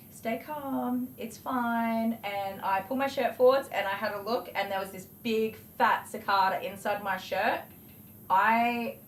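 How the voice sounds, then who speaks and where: A middle-aged Australian woman hosting a dog-grooming livestream, telling animated stories with laughs while she works. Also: medium pitch. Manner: animated, laughing, acts out voices in anecdotes. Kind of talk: chatty livestream storytelling while working. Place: indoor grooming room. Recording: roomy echo, faint clipper noise. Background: electric clipper buzz.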